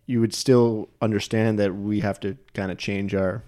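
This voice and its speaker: A man's voice: fairly low pitch, flat delivery, moderate pace, warm tone. A young man from New Jersey hosting a podcast in casual chat, rambling and restarting words as he goes. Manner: rambling, self-interrupting with repeated words. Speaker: podcast host.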